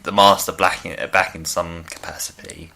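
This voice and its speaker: A man's voice: low-pitched, flat delivery, normal speed, creaky, sharp tone. A man co-hosting a casual fan review podcast, musing aloud and agreeing with his partner. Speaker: podcast co-host.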